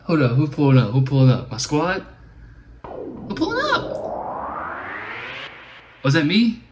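A young man giving an excited gameplay reaction, loud and exclaiming, swearing and calling everyone "bro". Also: on the high side, a little slow, pauses often, a little hiss or hum. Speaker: gaming YouTuber. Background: video game music.

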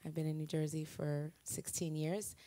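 Guest speaker: woman from Wisconsin, slightly low voice, chatty and self-mocking, laughs a lot, dry close sound. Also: little pitch movement, moderate pace, dark tone, dry recording. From Wisconsin, USA. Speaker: guest speaker and singer at a church. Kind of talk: chatty personal sharing to a congregation.

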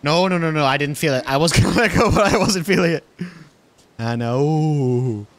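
A man's voice: on the high side, normal speed, a bit bright, no echo. A man giving casual let's-play commentary, exasperated and swearing as he pleads with his game character. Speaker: gaming video host.

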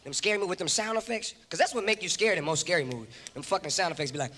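A man from Long Beach doing a loud, profane stand-up set with animated impressions on a comedy stage. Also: high voice, rapid-fire. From Long Beach, California. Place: comedy stage before a live audience. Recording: live club show with a roaring crowd and noise.

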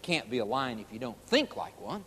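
A man's voice: medium pitch, sing-song, moderate pace, fairly bright tone, big-room sound, voice pushed down. A preacher voicing a helpful male monkey in a fable told during a sermon, speaking in a matter-of-fact, advising way. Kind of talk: sermon illustration storytelling.

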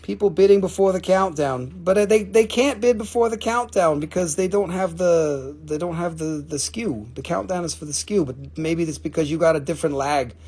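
A man's voice: on the high side, moderate pace, few pauses, darkish tone, breathy edge. A man hosting a live stream to sell crystals, talking casually, swearing freely and counting down each sale.

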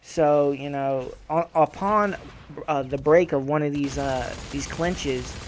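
Young male host, casual fight recap, profane and animated, slightly high pitch, faint game noise underneath. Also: slow pace. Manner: profane, animated, trash-talking. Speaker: gaming channel host. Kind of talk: casual fight reaction commentary.

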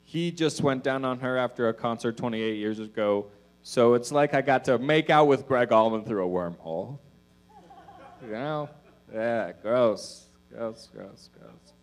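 Male stand-up comic, mid-pitched voice, loose and profane, meandering with fillers, on a club stage. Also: unhurried. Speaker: stand-up comedian. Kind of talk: stand-up comedy set.

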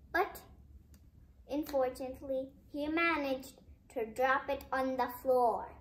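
A woman's voice: sits high, rough recording. A woman telling a simple fable to listeners, hesitant, with restarts and chatty asides. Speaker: storyteller. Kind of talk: reading a fable aloud.

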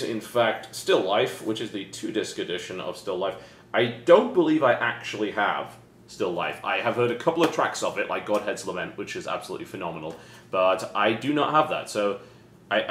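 A British man with a lowish voice hosts a casual unboxing chat, his humor dry and deadpan, each sarcastic line landing flat. The room gives his voice a noticeable echo, with faint noise beneath it. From Britain. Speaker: host.

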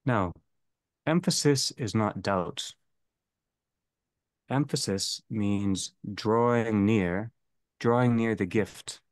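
A man leading a theology seminar, speaking slowly and deliberately and restating each phrase. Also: lowish voice, no echo. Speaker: seminar leader. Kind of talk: theology lecture.

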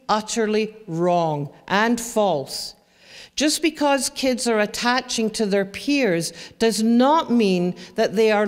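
A middle-aged woman speaks to an audience of parents in an emphatic, animated way, slipping in asides. Her voice sits a little high, and she takes her time. The sound carries the long reverb of a large hall. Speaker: presenter on teen brain development for parents. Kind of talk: presentation to an audience.

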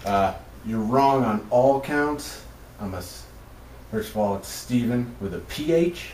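Deadpan young man in a roomy sketch. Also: medium pitch, measured pace. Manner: deadpan jokey banter. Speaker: comedy sketch host. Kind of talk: scripted comedy sketch. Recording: roomy, far from mic, faint noise.

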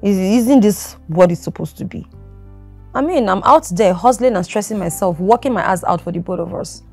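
A woman's voice: mid-range voice, animated, moderate pace, vocal fry, dark tone, faint music behind. A nagging, bossy girlfriend. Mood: irritated. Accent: Nigerian. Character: demanding young girlfriend nagging her jobless man.

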